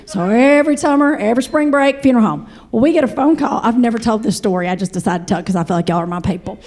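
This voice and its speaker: A comedian in her forties with a Kentucky accent tells a stand-up story, chatty and animated, addressing the audience directly. Her voice sits a little high, and she talks fast.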